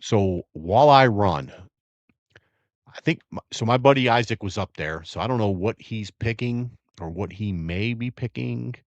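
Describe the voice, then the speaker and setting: A man with a very low voice chats casually on a live stream, rambling and savoring each sip as he talks. His sound is dry and close, with no room around it. He is middle-aged and from the Virginia area. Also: normal speed, no echo, dull audio. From Virginia area, USA. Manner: relaxed, rambling, savoring and reacting to sips. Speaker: bourbon livestream host.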